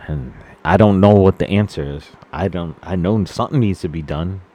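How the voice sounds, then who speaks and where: A man speaking in an unscripted personal monologue, solemn and earnest, halting often with fillers and restarts. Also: sits low, warm tone. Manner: earnest, sorrowful. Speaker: vlogger.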